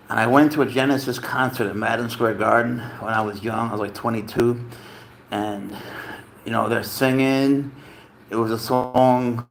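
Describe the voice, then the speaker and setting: Gravelly man chatting on a stream. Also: mid-range voice, slight background noise. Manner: baby talk to his pet, swearing, rambling asides. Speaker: pet owner streaming live with his cat; teacher. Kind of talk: casual live stream chat. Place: at home.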